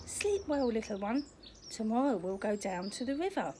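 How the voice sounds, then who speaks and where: A woman voicing a patient, gentle mother otter who sighs, in a children's storybook reading. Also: on the high side, sing-song, moderate pace, slight background noise. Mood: tender. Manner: gentle, sighing.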